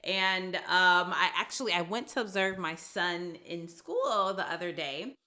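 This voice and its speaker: A woman hosting a podcast, chatting and telling stories in a lively way, laughing easily. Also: lowish voice, measured pace. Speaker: podcast host. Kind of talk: interview conversation.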